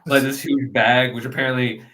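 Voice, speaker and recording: A man's voice: mid-range voice, fairly even intonation, brisk, a bit bright. A man hosting a casual review chat, rambling with lots of fillers and frequent laughs. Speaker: podcast host.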